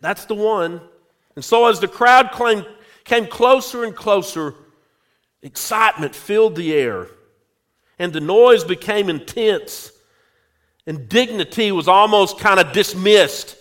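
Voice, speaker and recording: A male pastor preaching a sermon, telling a story slowly and speaking directly to his congregation. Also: sits high, expressive, fairly bright tone. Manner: slow, drawn-out storytelling, addressing the congregation directly.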